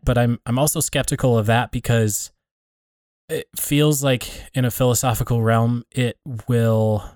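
A man speaks in a reflective, conversational way and stops often to rephrase himself mid-thought. His voice sits in an ordinary middle pitch. The recording is close and dry, with no room sound. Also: a little mellow, no echo.

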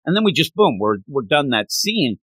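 A man's voice: on the high side, very animated, normal speed, fairly bright tone, slightly rough, dry recording. A man hosting a casual comic book review podcast, talking animatedly and acting out characters. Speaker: podcast host.

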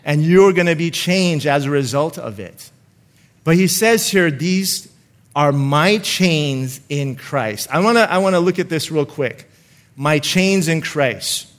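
A man preaching a sermon, slowing down to stress scripture and calling on the congregation to repeat lines after him. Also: fairly high pitch, animated. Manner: emphatic, calls for congregation responses, slows to stress scripture.

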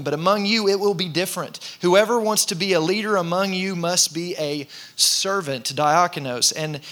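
A man, a pastor preaching a sermon to his congregation and telling funny personal stories in a relaxed, conversational way. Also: on the high side. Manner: conversational, self-deprecating storytelling with laughs. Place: church in front of a congregation.

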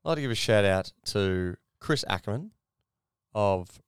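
A man's voice: lowish voice, lively intonation, moderate pace, smooth, no echo, studio quality. A man co-hosting a podcast, chatting bluntly with crude banter. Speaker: podcast co-host. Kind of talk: casual chat.

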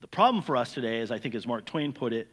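A man's voice: medium pitch, lively intonation, quick pace, a bit bright. A man preaching an earnest, emphatic sermon that weaves in an illustrative story. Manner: earnest, emphatic, repeats words. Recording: long hall reverb.

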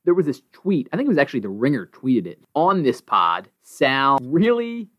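A man's voice: medium pitch, big pitch swings, moderate pace, fairly bright tone. A man co-hosting a podcast in a casual style, ranting with lots of swearing. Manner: profane, worked-up ranting. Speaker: podcast co-host.

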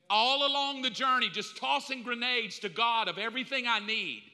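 A man preaching a sermon in an animated way, swinging between loud and hushed delivery. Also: extremely high pitch, normal speed, few pauses. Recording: long hall reverb.

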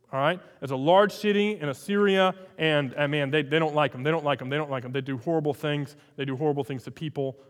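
High-voiced pastor preaching in a hall. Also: male voice. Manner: emphatic, repeats phrases for emphasis. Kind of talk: sermon.

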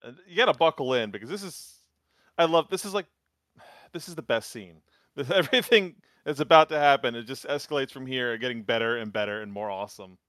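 A man's voice: medium pitch, expressive, fairly quick, fairly bright tone, no room sound, studio quality. A man in casual chat, enthusing about a show with lots of fillers.

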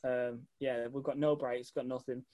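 A man telling a casual, animated travel anecdote, swearing freely and mimicking the people he met. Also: mid-range voice, normal speed. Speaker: guest telling a travel story.

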